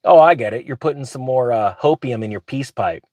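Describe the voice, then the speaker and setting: A man's voice: mid-range voice, a little fast, darkish tone, no echo. A man ranting sarcastically about bank news while recording from inside his truck. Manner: sarcastic, grumpy, mocking. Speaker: finance vlogger reading news. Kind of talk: ranting commentary.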